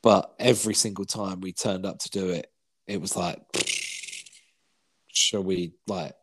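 Over some background noise, a man in his 40s talks a little fast in a low voice with fairly even intonation. As a podcast co-host, he chats casually, tells rambling stories, curses occasionally, and acts out quoted lines.

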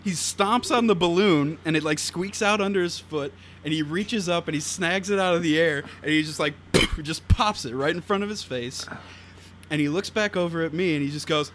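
A man who is a podcast guest, telling a story in animated, casual chat and laughing often. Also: on the high side, moderate pace, a crowd in the background. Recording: noisy with clicks.

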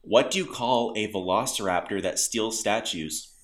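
A man co-hosting a podcast in casual chat, delivering joke setups and punchlines flatly. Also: lowish voice, normal speed. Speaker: podcast co-host.

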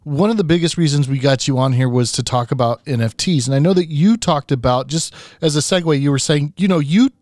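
A man's voice: a little high, a little fast, hardly any pauses, a little mellow, no room sound, studio quality. A man hosting a casual interview, laid-back and chummy, calling his guest "bro". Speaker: podcast host.

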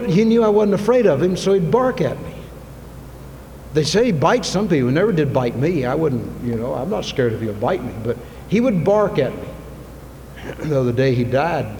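A man preaching a sermon in a church, moving from soft, intimate asides to loud, fervent appeals. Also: on the high side. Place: church sanctuary. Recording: long reverb, faint ambient noise.

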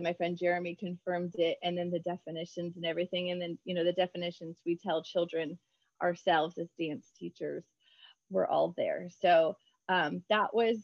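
A woman children's book author chatting in an interview, bubbly and quick to laugh. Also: lowish voice, flat delivery, no echo, highs cut off. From United States. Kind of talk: casual interview chat.

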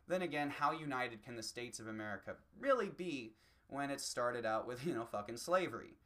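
A comedian delivering a profane, rambling, self-mocking solo rant that swings between low mutters and loud bursts. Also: expressive, fairly quick.

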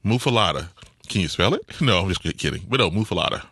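A man's voice: low voice, expressive, quick pace, sharp tone, slightly rough, dry recording, studio quality. A man co-hosting a casual chat, talking animatedly and laughing while he eats. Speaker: podcast co-host.

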